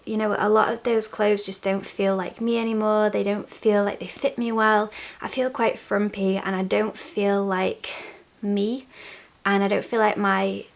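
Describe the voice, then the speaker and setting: A young woman vlogging from her bedroom at home, chatting candidly to camera and laughing softly between thoughts. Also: mid-range voice, vocal fry. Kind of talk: casual chat to camera.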